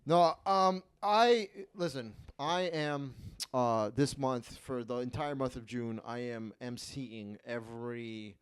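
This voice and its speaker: A young man hosting a comedy podcast, chatting casually, self-deprecating and halting with lots of restarts. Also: medium pitch, clear, resonant tone.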